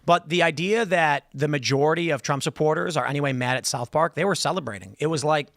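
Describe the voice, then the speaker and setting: A man hosting a political panel chat, talking quickly with restarts and laughs. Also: fairly high pitch, a bit bright, dry recording, studio quality. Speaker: host.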